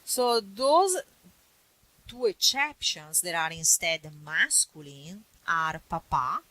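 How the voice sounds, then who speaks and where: A woman's voice: on the low side, expressive, takes it slowly, bright, forceful tone, no echo, poor audio. A woman teacher with an Italian accent, a native Italian speaker, patiently explaining grammar and repeating words. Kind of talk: classroom grammar lesson.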